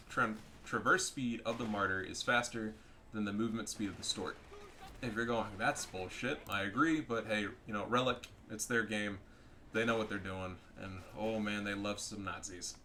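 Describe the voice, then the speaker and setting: A man giving casual, profane commentary over a strategy game, getting loud and excited at big plays. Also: fairly low pitch, a little hiss or hum. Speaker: gaming commentator.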